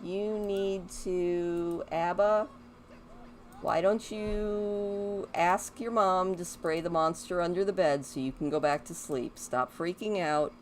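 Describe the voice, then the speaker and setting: A woman's voice: on the low side, steady tone, slow, darkish tone, a little hiss or hum. A woman giving casual commentary while she plays a life-sim game, chatting to her characters and rambling about music. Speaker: gaming video host.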